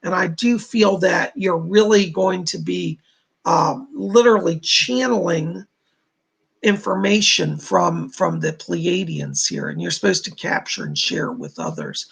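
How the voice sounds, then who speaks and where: A man's voice: high-pitched, very animated, measured pace, creaky, a bit bright, slightly rough. A man hosting a livestream, giving psychic readings to viewers, reassuring and chatty with many fillers. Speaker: psychic medium host.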